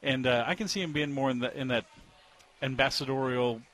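A man talking as a sports columnist in a relaxed conversation, offering candid opinions. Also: mid-range voice, fairly quick. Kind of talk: casual conversation as a guest.

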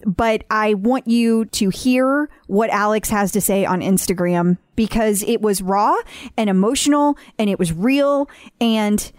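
A woman's voice: mid-range voice, a little slow, darkish tone, no room sound, studio quality. A woman hosting a podcast, talking earnestly and emphatically in a casual chat and often repeating herself. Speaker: podcast host.

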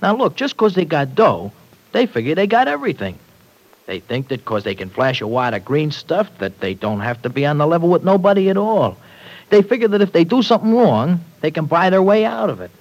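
A man's voice: fairly high pitch, very animated, brisk, rough recording. A slangy tough young guy. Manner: slangy tough-guy talk, dropped grammar. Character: tough streetwise young working-class man. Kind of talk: 1940s radio acting. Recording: old radio broadcast recording.

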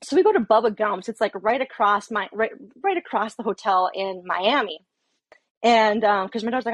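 A woman's voice: medium pitch, normal speed, dry recording. A middle-aged woman and police officer, telling a story in casual talk, swearing and acting out heated quotes. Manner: profane, animated, acts out heated quotes.

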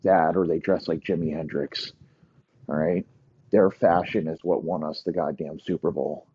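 A foul-mouthed, scheming football boss, put on by a man, growling low and menacing as he swears his way through threats. The tone is husky and the recording dull and lo-fi. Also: fairly even intonation, moderate pace, warm tone, dry recording.

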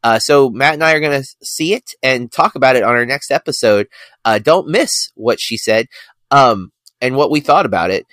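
A man's voice: mid-range voice, brisk, a bit bright, no echo. A man co-hosting a film podcast, talking casually with many fillers and self-corrections. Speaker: podcast co-host.

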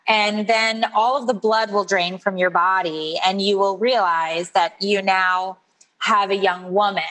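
A guest author in her forties chats casually in an interview, spinning stories and slipping into playful voices for the people she quotes. Her mid-range voice is steady and a bit bright, with a measured, loose, conversational delivery on a low-quality recording.

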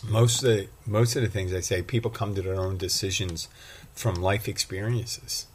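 A man's voice: low-pitched, steady tone, normal speed, noisy background. A man hosting a casual solo podcast, rambling and self-deprecating as he talks. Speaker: podcast host and bartender.

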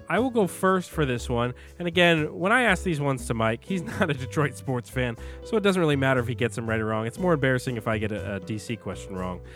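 A man's voice: medium pitch, fairly bright tone. A young man co-hosting a podcast, chatting casually and jokingly about sports with frequent fillers. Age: young adult. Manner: laid-back, joking, hesitant fillers. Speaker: podcast co-host.

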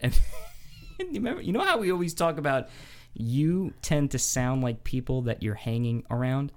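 A man's voice: mid-range voice, sing-song, normal speed, darkish tone. A man from New hosting a casual podcast from his home basement studio, laughing often and swearing casually. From New York. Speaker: podcast host.

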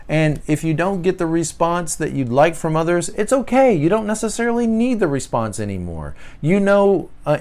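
A man's voice: mid-range voice, a little mellow. A man hosting a faith-based self-help podcast, talking reflectively, repeating his questions aloud, with frequent "uh" and "you know". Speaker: podcast host.

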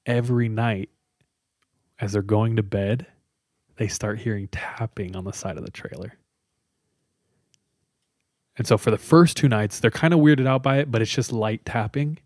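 A man's voice: fairly low pitch, normal speed, long pauses, darkish tone, no echo, studio quality. A man casually retelling a scary story to friends, chatty and loose, with lots of fillers. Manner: conversational, loose with many fillers.

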